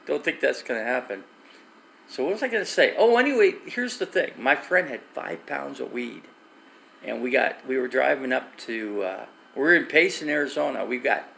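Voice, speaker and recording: A man's voice: mid-range voice, animated, normal speed, gravelly, sharp tone, slight background noise, rough recording. A middle-aged man live streaming from his phone, rambling through stories and reading viewer comments. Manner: rambling storyteller with restarts, reads viewer comments.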